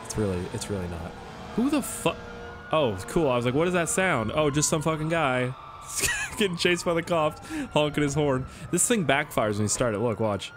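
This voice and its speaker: A man's voice: on the high side, big pitch swings, normal speed, music in the background. A young Canadian man with a Canadian accent giving rambling, joking gameplay commentary and swearing often. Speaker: gaming YouTuber.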